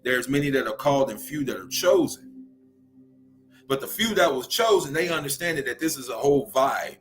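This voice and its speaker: A man's voice: mid-range voice, expressive, moderate pace, soft background music. A young man from Louisiana with a Southern accent hosts a spiritual livestream talk in a preachy way, often asking "right?" to check in with his viewers.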